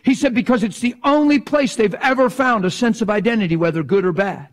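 A male preacher delivering a sermon in a somewhat high voice. He is emphatic, stretches his rhetorical questions out slowly, and keeps asking the listeners whether they follow. At other times he drops to a hushed, prayerful tone. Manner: asks the crowd for assent.

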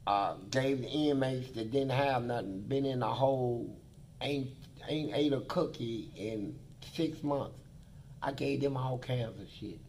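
A man's voice: mid-range voice, measured pace, a little mellow, slight background noise. A man being interviewed who tells blunt, profane stories about prison life in a vivid, swearing manner. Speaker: interview guest.

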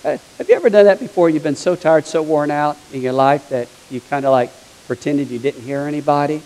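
A man's voice: on the high side, brisk, darkish tone, poor audio. A man preaching a sermon as a pastor, telling stories in a chatty, humorous way. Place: church sanctuary.

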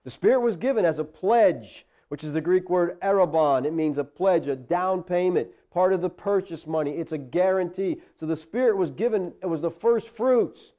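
A man's voice: high-pitched, lively intonation, moderate pace, hardly any pauses, warm tone. Preacher man with a dull lo-fi sound. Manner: conversational preaching, rising to emphatic exclamations. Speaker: pastor. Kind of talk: sermon.

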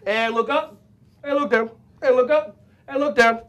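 A man's voice: very high voice, moderate pace, lo-fi sound. Playful man leading a kids' class. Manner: playful, animated, jokey with children. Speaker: children's karate and yoga instructor.

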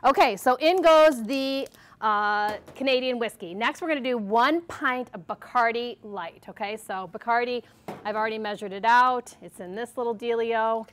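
Brief: upbeat woman, TV cooking host from Arkansas, chatty and joking, fairly high voice, lapel mic on a studio set. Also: normal speed, slight background noise. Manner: bubbly, jokey, talks to camera while mixing.

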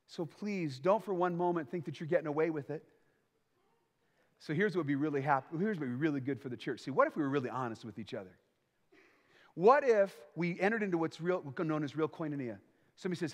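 A man preaching a sermon as pastor, emphatic and lively, acting out little bits of everyday small talk. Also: on the high side, quick pace, big-room sound.

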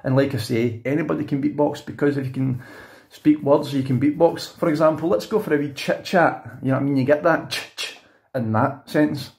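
A man's voice: a little high, fairly even intonation, fairly quick, gravelly, darkish tone. Young Scottish man, beatbox teacher, loose chatty delivery full of restarts and asides. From Scotland. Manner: chatty, rambling, frequent self-corrections and "you know what I mean". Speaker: beatbox tutor. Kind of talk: casual video tutorial.

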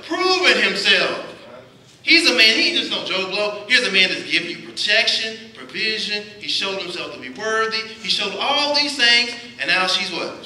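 A distant mic in an echoey church hall captures a man preaching in the sanctuary, with slight background noise. His voice sits high and sounds bright and forceful as he puts questions to the congregation and answers them on his own.

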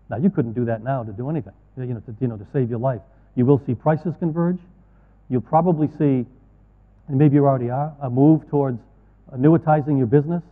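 A middle-aged man giving a talk to advisors, folksy and earnest, with asides. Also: mid-range voice. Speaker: conference speaker. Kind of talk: keynote talk to financial advisors. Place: large conference hall. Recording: tinny, echoey hall audio.

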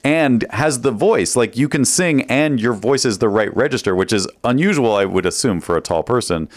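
A man's voice: medium pitch, expressive, normal speed, no echo. A man co-hosting a casual comedy podcast, wry and rambling as he makes his point.

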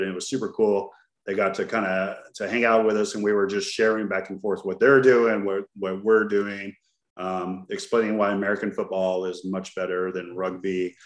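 A laid-back podcast host from Texas with a lowish voice, rambling through stories with a grin and plenty of "you know"s. The recording has a noticeable roomy echo, and his talk stays loose and conversational. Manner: laid-back, jokey storyteller with lots of fillers. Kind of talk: casual podcast chat. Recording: roomy echoey sound.

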